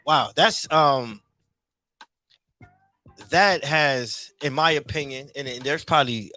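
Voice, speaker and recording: A man in a casual conversation, reflecting thoughtfully and haltingly, with lots of pauses and restarts. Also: medium pitch, sharp tone, faint music behind.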